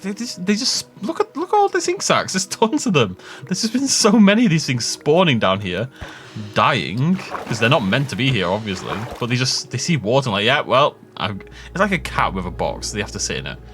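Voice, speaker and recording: A man's voice: mid-range voice, sing-song, a little fast, a bit bright, soft background music. Rambling, jokey man playing a game. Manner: rambling and jokey, laughs at his own tangents. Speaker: gaming YouTuber. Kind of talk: casual let's-play commentary.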